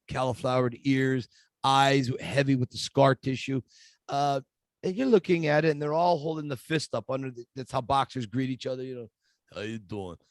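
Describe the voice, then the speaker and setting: A middle-aged man, a guest in a podcast interview, telling stories in a lively way and acting out the voices of people he quotes. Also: medium pitch, dry recording.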